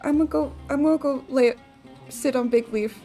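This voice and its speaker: A woman's voice: sits high, normal speed, warm tone, faint music behind. A woman streamer chatting casually and rambling while she plays a game, laughing often. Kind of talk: casual gaming livestream chat.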